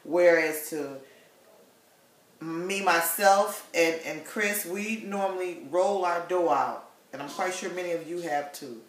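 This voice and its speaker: A woman's voice: on the low side, slow. A woman chatting casually through a home cooking demonstration in her kitchen, often checking in with her viewers with "okay?". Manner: chatty, tags sentences with "okay?" and "you guys". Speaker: home cook vlogger. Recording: roomy kitchen with faint sizzle. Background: pan sizzling.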